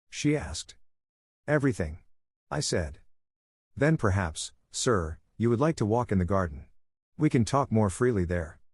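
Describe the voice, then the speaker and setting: A man reading a story aloud in a slow, clear way for language learners. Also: on the low side, a little mellow, no room sound, clean studio sound. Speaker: story narrator. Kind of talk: scripted narration.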